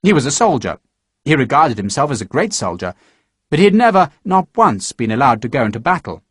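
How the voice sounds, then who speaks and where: A man narrating an audiobook in a measured, expressive storytelling manner, recorded close to a studio microphone. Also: mid-range voice, husky, no echo. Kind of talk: scripted narration.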